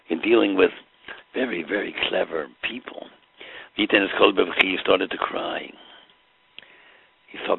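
A man's voice: sits low, creaky, breathy edge, dry recording. A man teaching a Torah lesson, telling the story with dramatic flair and Hebrew phrases. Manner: dramatic storytelling, acts out the scene. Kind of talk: Torah lecture mixing Hebrew and Yiddish terms. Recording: tinny phone-line audio.

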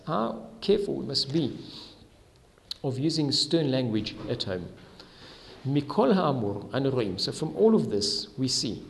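A man with a slightly high, gravelly voice gives a Talmud lesson in a reverberant hall. He reads the Aramaic with Ashkenazi Hebrew pronunciation, then explains each line in English. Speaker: Torah teacher. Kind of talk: Talmud lesson, reading and translating.

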